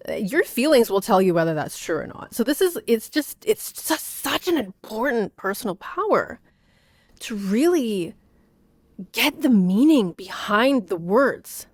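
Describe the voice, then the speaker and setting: A woman's voice: big pitch swings, measured pace, no room sound, studio quality. A woman in her thirties, a host talking casually, full of "like" and "you know", lifting her voice when she quotes others. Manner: chatty, many fillers like "like" and "you know"; acts out quoted parents with raised pitch. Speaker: podcast host and parenting coach. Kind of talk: casual teaching monologue.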